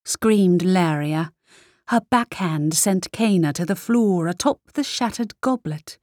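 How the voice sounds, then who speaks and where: A woman reading a fantasy novel aloud in a measured, deliberate way. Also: on the low side, lively intonation, a little mellow, no room sound, clean studio sound. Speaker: audiobook narrator. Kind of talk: scripted fantasy narration.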